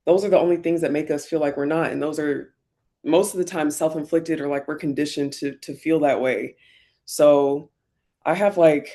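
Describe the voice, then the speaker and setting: A woman vlogger talking candidly and reflectively while getting ready, often using fillers and sometimes close to tears. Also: low voice. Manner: reflective, soft-spoken, many fillers; emotional, near tears at times. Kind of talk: candid get-ready-with-me talk.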